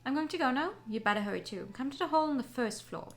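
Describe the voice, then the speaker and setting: A woman voicing a brisk, teasing young maid who bosses her roommate around. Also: high voice, lively intonation. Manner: brisk, scolding, bossy.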